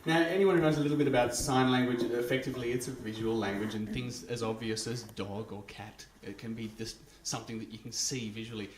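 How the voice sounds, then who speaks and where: A man co-performing in a live comedy show, calmly explaining things to the audience. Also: medium pitch, a little fast, few pauses, recorded from a distance. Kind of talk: live comic stage show. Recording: echoey live stage recording.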